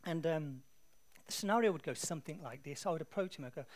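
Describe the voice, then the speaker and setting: An English man preaching a sermon in a conversational, animated storytelling way. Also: fairly high pitch, fast talker.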